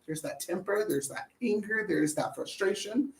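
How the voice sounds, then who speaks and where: A woman parenting educator gives a loose, chatty, casual presentation, joking, slipping into little acted voices and singing snatches. Her mid-range voice is expressive and a little slow. She sounds some way from the mic in an echoey room.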